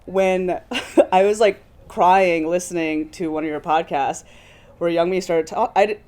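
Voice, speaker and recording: A woman's voice: on the low side, a little slow, mellow. A woman speaking as a guest on a podcast, effusive and emotional, laughing often as she talks. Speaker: guest producer. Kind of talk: casual podcast conversation.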